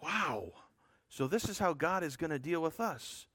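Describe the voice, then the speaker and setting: A man's voice: on the high side, lively intonation, measured pace, bright, forceful tone, breathy edge, no room sound, clean studio sound. A man preaching a sermon, explaining a scripture passage in an earnest, emphatic way with rhetorical asides to his listeners.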